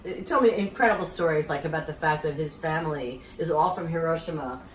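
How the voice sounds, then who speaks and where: A woman's voice: sits low, fast, a little hiss or hum. Middle-aged female host, theatrical storyteller, roomy distant sound. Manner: acts out voices in her anecdote, lively and theatrical. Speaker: cooking show host. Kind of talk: animated storytelling. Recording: echoey room, voice a bit off-mic.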